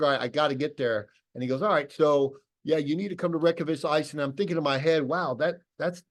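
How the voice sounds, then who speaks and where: A middle-aged man speaks in a fairly high voice, telling his story in an animated way. He acts out both sides of old phone calls as he goes. He is talking over a video call from home.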